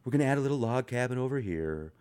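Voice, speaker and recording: A man putting on a hushed, soothing TV painter. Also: medium pitch, animated, quick pace, clean tone, natural voice. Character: soft-spoken calm male TV painter.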